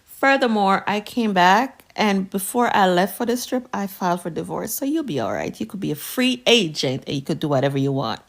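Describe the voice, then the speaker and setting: A woman's voice: mid-range voice, animated, a little fast, gravelly, hardly any pauses. A woman telling a personal storytime tale to her viewers in a casual, sassy, conversational way. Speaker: storytime video creator.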